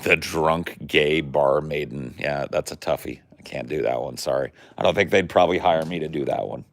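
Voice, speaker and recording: A man's voice: extremely low pitch, moderate pace, no echo. A man hosting in a casual, joking, self-deprecating chat.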